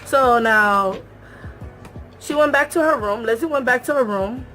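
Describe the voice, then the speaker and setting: A woman's voice: a little high, measured pace, pushed and bright, soft background music. A young woman talking straight to her viewers in a casual, emphatic recap, repeating phrases for effect. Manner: talks straight to viewers, calls them y'all. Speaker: reality show recap vlogger.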